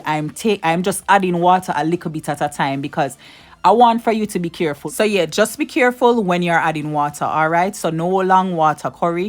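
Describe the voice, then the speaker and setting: A woman hosting a cooking video, chatting with viewers and giving step-by-step tips. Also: lowish voice. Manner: chatty, addresses viewers directly, repeats advice. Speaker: cooking channel host. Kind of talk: casual cooking tutorial.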